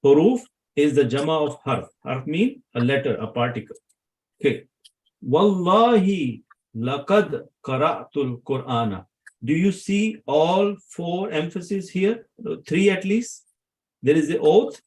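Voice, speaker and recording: A man's voice: fairly high pitch, animated, unhurried, a little mellow, low-quality recording. A man teaching Arabic grammar to a class, often asking his students questions to check they follow.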